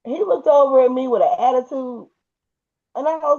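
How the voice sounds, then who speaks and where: A woman telling a personal story in a casual, animated and emphatic way, with colloquial speech. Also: high-pitched, normal speed, muffled recording.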